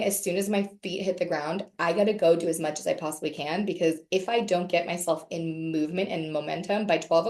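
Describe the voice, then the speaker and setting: A woman leading a casual group session over a video call, chatty and frank, with a few swear words. Her voice sits a little low. The sound is roomy, picked up by a computer mic. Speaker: wellness session leader.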